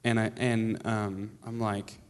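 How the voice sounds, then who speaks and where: A man, a student ministry pastor, talking casually on a church stage and getting animated when he quotes people. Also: fairly low pitch, takes it slowly, clear, resonant tone. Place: church sanctuary. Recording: long reverb of a large hall.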